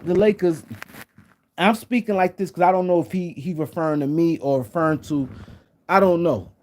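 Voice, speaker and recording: A man's voice: on the high side, a little fast. A man hosting a casual live-stream sports talk show, rambling and repeating himself as he talks to viewers in the chat.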